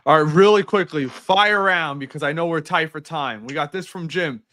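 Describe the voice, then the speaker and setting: A man hosting a podcast, moving the chat along briskly. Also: a little high, bright, forceful tone. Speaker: podcast host. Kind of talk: casual chat.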